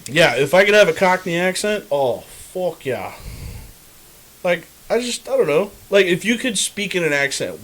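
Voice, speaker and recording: A man's voice: fairly high pitch, fairly bright tone. A man co-hosting a podcast in a casual chat, rambling and loose, with a lot of swearing. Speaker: podcast co-host.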